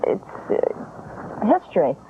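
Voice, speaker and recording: A woman hosting a film show, playful and teasing with her guest and audience. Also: slow. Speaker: host. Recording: tinny lo-fi broadcast sound, faint hiss.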